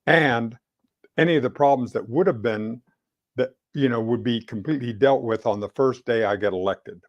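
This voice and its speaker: A brash, bragging male politician, tossing out big sweeping claims, as a man puts him on. The voice stays close to a plain talk-show voice, mid-pitched and loud. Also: moderate pace, no room sound, lo-fi sound, natural voice. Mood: boastful.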